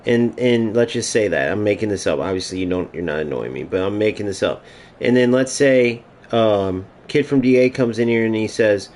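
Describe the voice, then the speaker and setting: A man's voice: fairly low pitch, animated, normal speed, darkish tone, poor audio. A man streaming a game, ranting casually and profanely to his chat. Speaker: gaming streamer.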